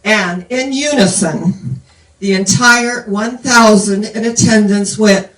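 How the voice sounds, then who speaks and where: A woman's voice: medium pitch, slow pace. Older woman preacher, distant roomy sound. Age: 70s. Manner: meandering storytelling. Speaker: minister. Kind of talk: sermon.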